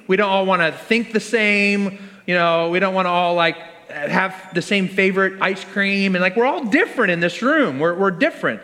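A man's voice: high-pitched, pushed and bright. A man preaching a conversational sermon to a congregation, leading them in call-and-response. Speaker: pastor. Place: church hall with congregation. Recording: long reverb of a large hall.

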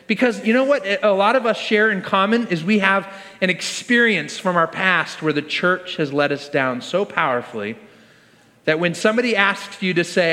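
A pastor preaches a conversational sermon in a church hall, leading the congregation in call-and-response. His voice is high-pitched, expressive, pushed and bright, moving a little fast, and the recording carries the long reverb of a large hall.

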